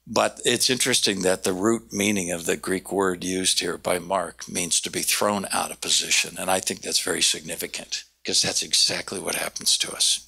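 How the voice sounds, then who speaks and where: A man preaching a sermon, animated, slowing down to stress key words and raising his voice when he quotes. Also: gravelly, slightly rough. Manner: animated, quoting with raised pitch, slowing for emphasis. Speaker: pastor.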